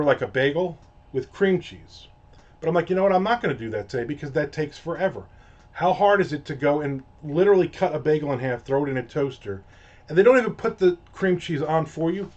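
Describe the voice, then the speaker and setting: A man hosting a casual ranting monologue, telling a story in a profane, exasperated way. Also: a little high. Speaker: host. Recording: dull lo-fi audio.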